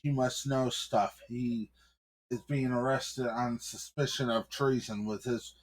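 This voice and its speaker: A man telling an improvised story in a casual, halting way, with many ums and restarts. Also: medium pitch, fairly even intonation. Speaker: streamer and storyteller.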